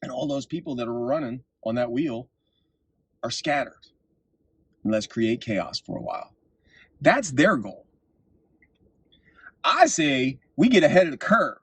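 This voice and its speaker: A man hosting his own vlog, delivering an impassioned political monologue and telling stories, his voice swinging up to shouts at the climaxes. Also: medium pitch, sing-song, a little slow, long pauses, husky, dry recording. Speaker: vlog host.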